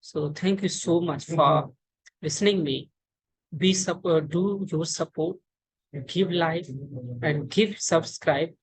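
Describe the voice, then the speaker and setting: With a fairly low pitch and a breathy edge, an Indian-accented English teacher from India explains pronunciation in an online lesson. Her speech is halting and packed with fillers, restarts and repeated words, recorded through a low-quality screen share.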